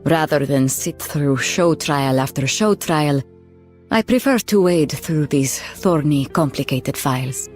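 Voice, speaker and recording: A man doing a weary, stern female judge in a solemn, slow, deliberate reading. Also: fairly high pitch, faint music behind, natural voice.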